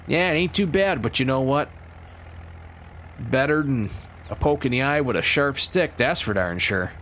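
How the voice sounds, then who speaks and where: A man hosting a farming-sim role-play, talking in a folksy, excitable, rambling way. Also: medium pitch, moderate pace, slight background noise. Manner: folksy, excitable, lots of "you betcha"; chatty and rambling with frequent restarts. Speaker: gaming channel host. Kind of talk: role-play gameplay commentary.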